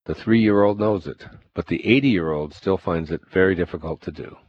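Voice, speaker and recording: A man voicing a calm, wise old monk in a read-aloud parable, answering plainly with a wry tone. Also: deep voice, normal speed, slightly rough, muffled recording.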